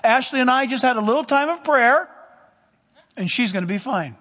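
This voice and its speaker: A male pastor preaching a sermon, telling stories with emphatic swings between loud and hushed delivery. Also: animated, normal speed. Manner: emphatic storytelling, pitch swings high and low. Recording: long hall reverb.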